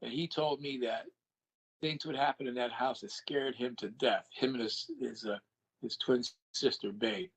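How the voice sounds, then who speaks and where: In poor-quality audio, an older guest with a mid-range, slightly breathy voice speaks at normal speed. He's an animated storyteller, sharing something that happened to him and performing the lines of dialogue he quotes.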